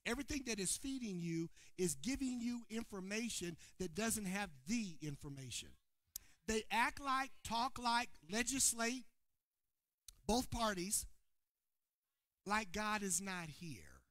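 Bright-voiced preacher man, dry close sound. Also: lively intonation, measured pace, no room sound. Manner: call-and-response preaching, swings from shouting to low asides. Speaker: pastor. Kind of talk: sermon. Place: church sanctuary before a congregation.

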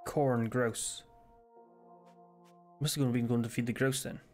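A man's voice: medium pitch, flat delivery, slow, soft background music. Crude, joking Scottish man streaming a game. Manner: crude, joking, reading aloud hesitantly. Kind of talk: casual live-stream commentary.

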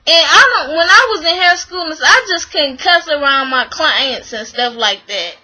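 A woman casually recapping a reality show, animated and exasperated, slangy and swearing freely as she acts out the people in it. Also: high-pitched, a little slow, few pauses, poor audio.

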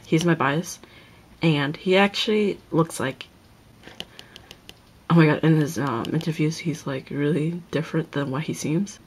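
A young woman chats through an excited unboxing, her voice sitting a little low for a woman. She gushes constantly and now and then drops to a breathy whisper. A faint hiss runs underneath the recording. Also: unhurried, pauses often, low-quality recording. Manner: gushing, keeps repeating oh my god, drops into whispers. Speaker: unboxing vlogger. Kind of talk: excited casual unboxing chat.

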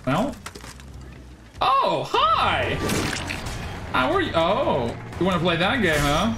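An excitable woman streamer whose pitch swings widely as she reacts to a game. She swears and trash-talks her opponents between thank-yous to viewers. Game music plays clearly underneath her. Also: slow. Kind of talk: live gameplay streaming commentary.

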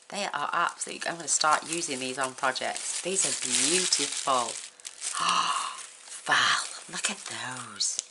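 A woman hosting a crafting channel, chatting casually and gushing with effusive exclamations as she unboxes mail. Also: deep voice. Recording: noisy room with paper crinkling.

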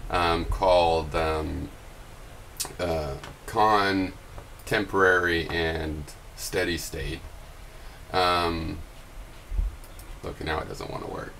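Low-voiced man rambling through a rebuttal. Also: steady tone, drawn-out words, creaky, long pauses, bright, forceful tone, a little hiss or hum, low-quality recording. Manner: rambling, thinks aloud with many restarts; argumentative, rising to pointed questions. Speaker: video blogger. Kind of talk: casual off-the-cuff commentary.

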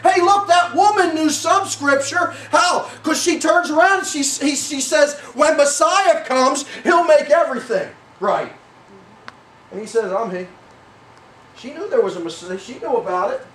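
A man's voice: very high voice, unhurried, fairly bright tone, slight background noise. A middle-aged man preaching a sermon as pastor, rambling and correcting himself with many fillers. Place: church sanctuary. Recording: roomy church sound from a distant mic.

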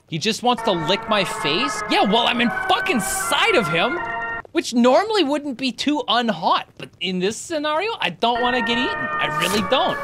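Panicky high-voiced woman streamer. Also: big pitch swings, moderate pace, loud music behind the voice. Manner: panicky, swearing, laughing. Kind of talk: horror game commentary.

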